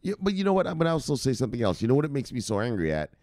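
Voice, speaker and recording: A man's voice: mid-range voice, sing-song, very fast, darkish tone, no echo, clean studio sound. A man from Jamaica hosting a crypto news channel, ranting casually and profanely with heated sarcasm. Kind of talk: casual opinion rant to camera.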